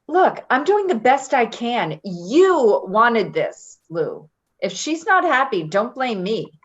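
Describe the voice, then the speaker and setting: A woman's voice: on the high side, very animated, slow pace, dull audio, full character voice. Patti, a woman playing a blunt, defensive caregiver. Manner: defensive, indignant, sarcastic. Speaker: actor in a staged reading. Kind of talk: readers theater play reading.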